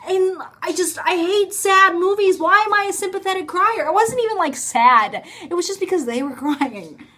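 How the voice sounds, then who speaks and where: A woman's voice: very high voice, lively intonation, moderate pace, bright, forceful tone. A young woman telling a rambling, chatty story to her phone camera at home, often stopping herself mid-sentence and laughing. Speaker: vlogger.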